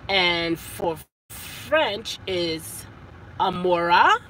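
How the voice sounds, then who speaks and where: A woman, chatting casually as a vlogger in a car, animated and stumbling over her words. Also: fairly low pitch, extremely slow, a little hiss or hum, rough recording. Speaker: vlogger and rideshare driver. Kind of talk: casual chat.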